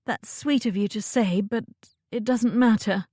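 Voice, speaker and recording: A woman's voice: a little high, a little slow, husky, dry recording, studio quality. A woman voicing a heartsick young Regency lady. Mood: wistful. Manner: soft and breathless. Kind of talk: audiobook character voice.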